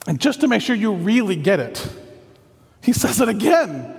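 A man preaches a sermon in an earnest, conversational way, as if thinking aloud. His voice sits a little high for a man. A long reverb trails each phrase, as in a large hall. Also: sing-song, normal speed, creaky. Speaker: pastor.

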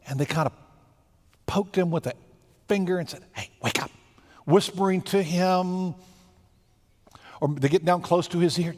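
A man's voice: high voice, a little mellow, big-room sound. A man preaching a sermon as pastor, talking in a conversational, storytelling way and acting out the quotes he tells.

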